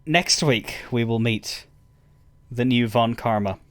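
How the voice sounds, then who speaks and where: A man's voice: medium pitch, slow. A man streaming a game, chatting casually in a rambling way, stammering and chuckling as he talks to his chat.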